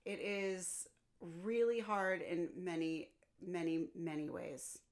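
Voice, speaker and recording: A woman's voice: lowish voice, slow. A woman co-hosting a podcast, chatting casually and bluntly, with some swearing. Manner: blunt, expressive, swears freely. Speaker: podcast co-host. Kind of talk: casual chat.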